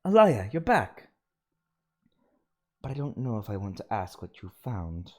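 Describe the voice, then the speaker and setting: A man's voice: lowish voice, very animated, unhurried, darkish tone. A man voicing a stern, anxious older woman professor while reading game dialogue aloud. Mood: insistent.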